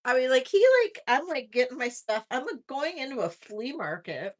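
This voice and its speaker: A woman's voice: sits high, very animated, normal speed. A middle-aged woman hosting a live vintage jewelry sale, chatting in a casual, rambling way with lots of "like"s. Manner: chatty storytelling, many "like"s, laughs easily. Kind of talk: casual chat with live auction calls.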